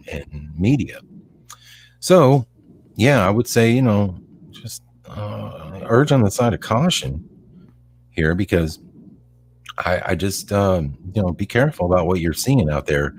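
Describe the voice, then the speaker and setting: A man with a very low, deep voice rambles through a casual podcast conversation, full of fillers and asides. A faint background hum sits under the talk. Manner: rambling, animated, lots of fillers. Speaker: podcast co-host.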